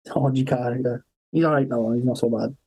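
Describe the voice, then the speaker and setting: A man's voice: medium pitch, steady tone, a little fast, mellow, slightly rough, low-quality recording. A man telling rambling anecdotes as a podcast guest, swearing constantly and breaking into laughter. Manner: heavy swearing, laughing, acting out quoted voices. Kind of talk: casual anecdotal storytelling.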